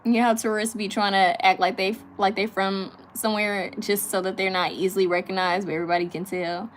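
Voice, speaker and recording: A woman's voice: mid-range voice, flat delivery, slight background noise. Woman, live-stream host, casual chat, giggly, talkative, reading comments aloud, mid-range voice. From California. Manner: chatty, giggly, with many fillers and quick repeats. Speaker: tarot reader hosting a live stream.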